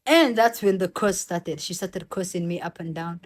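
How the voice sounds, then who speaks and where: A young woman from Somalia, telling a personal story in a casual, animated vlog and acting out the other people's voices. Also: fairly low pitch, moderate pace, few pauses. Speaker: vlogger.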